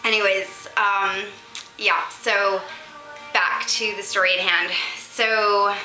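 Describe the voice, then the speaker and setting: Slow, bright-voiced rambling woman vlogger. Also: medium pitch, flat delivery, reverberant, soft background music, rough recording. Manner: rambling, lots of ums, laughs as she talks. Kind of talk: unscripted casual chat to camera. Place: her condo, indoors.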